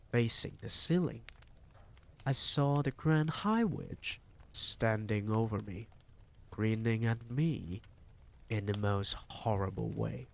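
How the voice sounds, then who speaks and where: A man reading a novel aloud on a live stream, telling it in an unhurried, measured way. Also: lowish voice.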